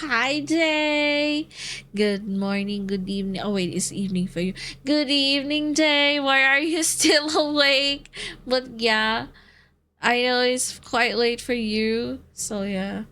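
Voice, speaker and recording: High-voiced, unhurried woman streamer. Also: fairly bright tone. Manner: chatty, swears and laughs often, reads out chat. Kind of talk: casual stream chat with viewers.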